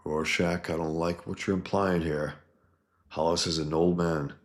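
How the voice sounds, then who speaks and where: A man's voice: low-pitched, level tone, measured pace. A man voicing a retired male masked hero who speaks mildly and hesitantly. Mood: uneasy.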